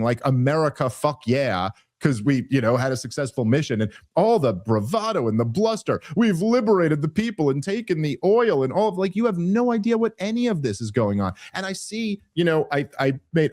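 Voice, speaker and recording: A man's voice: medium pitch, a little mellow, dry recording, studio quality. A man hosting a podcast, ranting heatedly and sarcastically about politics, swearing often and restarting his sentences. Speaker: podcast host. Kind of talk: casual political commentary.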